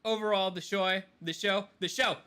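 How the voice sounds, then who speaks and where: A man co-hosting a podcast who rants in casual chat and swears freely. His voice sits high, with a bright, forceful edge. He sounds fired up as he picks things apart. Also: normal speed, clean tone. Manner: animated ranting, swears a lot. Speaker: podcast co-host.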